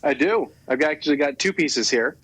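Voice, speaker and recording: A man's voice: a little high, animated, fairly bright tone, breathy edge, no echo, poor audio. Man reading news on a dry podcast mic. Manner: measured, reads out news items. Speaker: podcast co-host. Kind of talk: casual chat.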